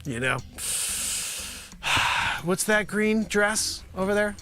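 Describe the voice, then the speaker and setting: A man runs a live improv comedy show, drifting through a huckster bit aimed at a make-believe panel, with sudden bursts of shouting here and there. He's animated but speaks slowly.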